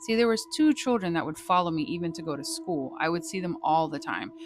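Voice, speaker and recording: A woman with a fairly low voice tells a ghost story in a casual vlog, lively and dramatic and swearing freely. A clear background ambience hums under her voice. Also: brisk, background noise. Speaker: vlogger telling a ghost story.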